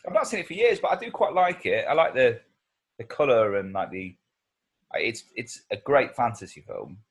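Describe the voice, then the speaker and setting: A man co-hosting a podcast chats casually in a mid-pitched voice. He laughs easily and talks with animation. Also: sing-song, moderate pace, slightly rough. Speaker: podcast co-host. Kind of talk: casual chat.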